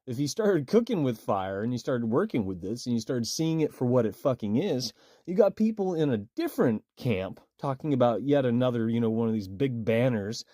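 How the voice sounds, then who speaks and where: A man's voice: medium pitch, mellow, no room sound, clean studio sound. A man ranting in a rambling, cursing monologue with a toothbrush in his mouth. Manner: rambling, cursing, frustrated rant. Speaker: vlogger. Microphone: phone.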